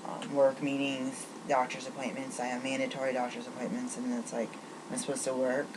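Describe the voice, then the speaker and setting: A woman's voice: a bass voice, monotone, brisk, background noise. A woman venting in a rambling vlog monologue, riled up and angry, tripping over restarts as she talks. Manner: rambling, agitated ranting with many restarts. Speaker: vlogger.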